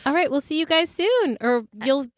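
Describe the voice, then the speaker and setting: A woman's voice: high voice, expressive, moderate pace, dry recording, clean studio sound. A woman co-hosting a podcast in casual chat, her voice stuffed up and sniffly. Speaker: podcast co-host.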